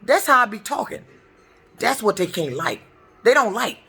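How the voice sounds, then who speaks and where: A middle-aged woman vents hard to camera, her voice bright and sharp-edged as it swings wide between high and low. She rants in a profane, repetitive stream, circling back to the same points again and again. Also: very animated, moderate pace, creaky, breathy edge, soft background music. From Detroit, US. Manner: heated, profane, repetitive ranting. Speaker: truck driver. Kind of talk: angry ranting vlog.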